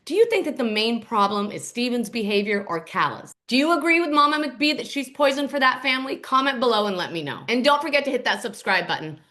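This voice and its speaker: Female host, gossipy recap, dramatic delivery, raised pitch with lively swings. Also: fast, few pauses. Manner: animated, dramatic storytelling.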